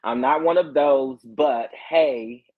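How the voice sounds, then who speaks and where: A man hosting a casual livestream, reading viewer comments and chatting, animated, laughing often and repeating his phrases with drawn-out exclamations. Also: medium pitch. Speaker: livestream host. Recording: tinny phone-like audio.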